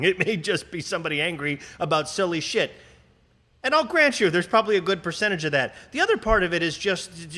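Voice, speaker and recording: A man hosting a livestream, ranting in a casual, profane, animated way with sarcastic asides. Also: a little high. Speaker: livestream host.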